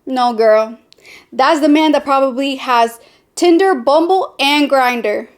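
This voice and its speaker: A young woman with a high voice talks straight to her listeners as a podcast host. She is blunt and animated, with sarcastic, sassy asides, in a candid personal chat about dating. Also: measured pace.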